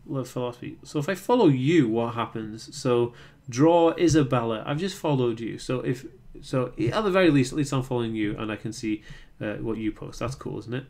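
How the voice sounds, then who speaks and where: A man's voice: medium pitch, fairly quick, vocal fry, darkish tone. Chatty North Welsh man on a livestream. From Wales. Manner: reads viewer comments aloud and answers them, chatty with fillers and restarts. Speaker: livestream host reading chat. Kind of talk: casual livestream chat.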